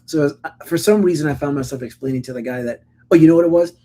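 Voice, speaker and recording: A middle-aged man co-hosting a podcast, telling stories in casual conversation with many stammered restarts and lively acted-out quotes. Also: fairly high pitch, racing. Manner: animated storytelling with acted-out quotes. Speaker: podcast co-host.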